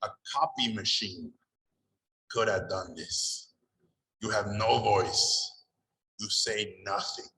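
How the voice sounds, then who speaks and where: Guy putting on a gruff old hungarian art teacher, deep and super slow, echoey room. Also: bright, forceful tone, full character voice. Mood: scornful. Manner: slow, heavy, deliberate pronouncements.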